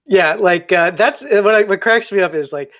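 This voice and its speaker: A man hosting a casual sailing chat show, relaxed and joking with plenty of fillers. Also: high voice, moderate pace. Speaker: podcast host.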